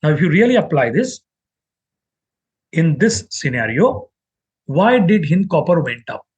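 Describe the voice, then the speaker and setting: A man with an Indian English accent teaching trading in a live online class, acting out buyers and sellers in quick quoted lines. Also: fairly high pitch, breathy edge. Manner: animated, acts out buyers and sellers in quoted voices. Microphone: webcam mic on a video call.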